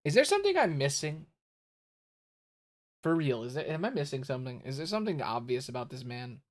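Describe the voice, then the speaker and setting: A man's voice: on the high side, very animated, brisk. A man streaming a video game, rambling jokily and getting exasperated at a boss he cannot beat. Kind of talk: casual gameplay commentary. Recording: audible background noise.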